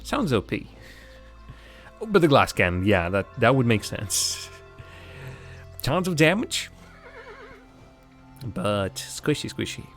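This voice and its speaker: A man's voice: mid-range voice, very animated, slow, long pauses, a bit bright, faint music behind. A man giving casual, rambling commentary while streaming a game live, chatting with viewers and laughing often.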